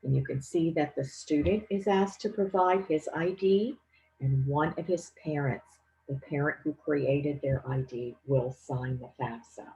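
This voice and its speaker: A woman giving a financial aid presentation, explaining each step clearly and patiently. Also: sits low, unhurried, mellow, poor audio. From Louisiana. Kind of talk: instructional presentation.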